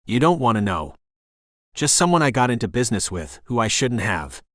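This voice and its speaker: A man's voice: mid-range voice, very animated, normal speed, a bit bright, no echo, clean studio sound. A man voicing a frightened, battered young man who pleads vulnerably in an audiobook. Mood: pleading.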